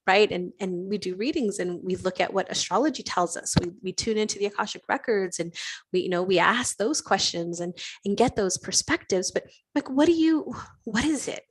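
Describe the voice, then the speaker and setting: A woman hosting an astrology show, talking reflectively and asking many rhetorical questions, often adding "right?" and slowing down to stretch key words. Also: medium pitch, animated, slightly rough. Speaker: astrology podcast host. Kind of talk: reflective spiritual talk.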